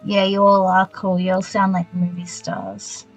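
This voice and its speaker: An Australian woman streams a video game, chatting casually with her live viewers and muttering reactions as she plays. Her voice sits on the low side, sing-song and measured, with faint music behind it and poor audio.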